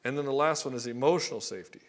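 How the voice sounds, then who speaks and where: A man's voice: mid-range voice, very fast. A man coaching husbands on relationships, talking bluntly, swearing casually and acting out both partners in short skits. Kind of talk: direct-to-camera coaching talk.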